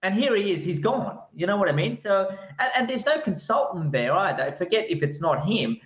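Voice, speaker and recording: A man's voice: high-pitched, big pitch swings, brisk, fairly bright tone. A man appearing as a guest author on a cricket podcast, pressing his point animatedly and repeating himself. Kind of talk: casual cricket podcast chat. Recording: dull, roomy remote audio.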